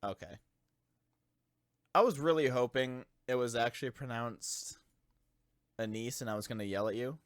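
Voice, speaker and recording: A man's voice: medium pitch, normal speed, long pauses. A young man co-hosting a podcast, joking around and laughing often in casual chat. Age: young adult. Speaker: podcast co-host.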